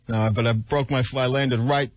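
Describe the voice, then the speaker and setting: A radio show producer explains himself sheepishly and at length during casual on-air banter. His voice is medium-pitched with no room sound, heard through a lo-fi radio broadcast.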